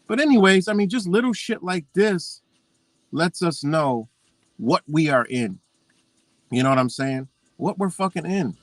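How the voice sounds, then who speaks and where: A man in a heated, rambling live-stream rant, his talk full of swearing. His voice sits fairly high for a man. The sound is close and dry, with no room echo. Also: lively intonation, unhurried.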